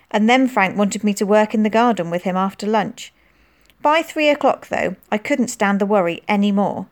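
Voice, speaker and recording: Expressive woman reading a children's novel. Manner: expressive, voicing dialogue with lifted pitch. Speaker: audiobook narrator. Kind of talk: scripted narration of a children's novel.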